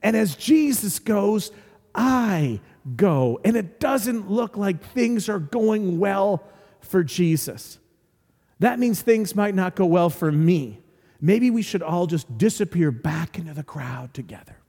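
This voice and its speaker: Male pastor, high lively voice, conversational sermon delivery, church hall reverb. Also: slow pace, slightly rough. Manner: animated, conversational, acting out scenes.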